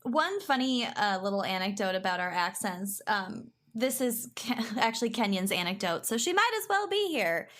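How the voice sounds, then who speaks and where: A woman's voice: mid-range voice, very animated, normal speed, hardly any pauses, a bit bright. Chatty woman with a Minnesotan accent. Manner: chatty storyteller, laughs often. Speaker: podcast guest. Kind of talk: casual chat.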